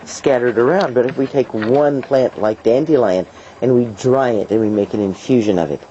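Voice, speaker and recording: A middle-aged woman herbalist telling stories in an interview, lively and playful, acting out voices and laughing as she talks. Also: extremely low pitch, normal speed. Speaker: herbalist guest. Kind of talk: storytelling interview answers. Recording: dull lo-fi video sound, faint hiss.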